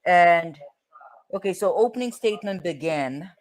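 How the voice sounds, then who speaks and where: A man's voice: high voice, animated, moderate pace. A man hosting a casual show about court cases, chatty and rambling with fillers and restarts. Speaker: host.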